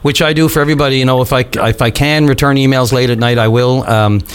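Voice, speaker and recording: Male talk radio host, measured and careful, studio mic. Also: medium pitch, fairly even intonation, clean tone. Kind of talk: radio call-in hosting. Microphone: studio microphone.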